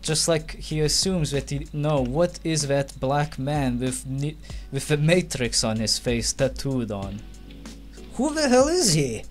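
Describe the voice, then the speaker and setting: A man's voice: on the high side, sing-song, unhurried. A man giving sarcastic, swearing commentary while playing a game. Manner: sarcastic, swearing, mocking the game's text. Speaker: let's play commentator. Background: faint game music.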